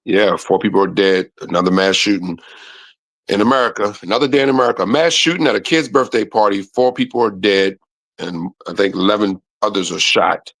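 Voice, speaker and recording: A man co-hosting a podcast in a relaxed, chatty style, with a low voice. The sound is dry and close, and he stumbles and repeats words as he passes on news. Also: dry recording. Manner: halting, repeats words while reading out news. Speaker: podcast co-host. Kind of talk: casual chat.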